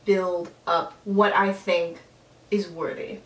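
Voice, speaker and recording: A woman in her twenties chatting with her best friend, thoughtful and measured, a little hesitant. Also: fairly low pitch, flat delivery, slight background noise. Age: 20s. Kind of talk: casual chat. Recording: roomy echo, mic at a distance.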